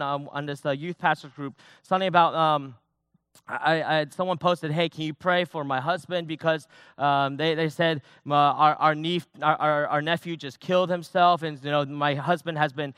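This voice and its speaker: Young guy pastor preaching casual, lots of restarts, smooth slightly high voice, dry sound. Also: a bit bright, dry recording. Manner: personal, conversational preaching with many restarts and fillers. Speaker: youth pastor. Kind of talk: sermon.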